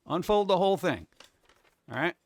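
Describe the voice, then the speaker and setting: A high-pitched, animated man livestreams his art at a moderate pace, rambling casually to chat as he works and walking viewers through the steps hands-on. The recording is dry.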